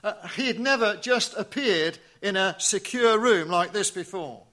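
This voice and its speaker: Slow bright-voiced male preacher. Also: high-pitched. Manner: measured, rhetorical questions, drops to a hush on key phrases. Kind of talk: sermon.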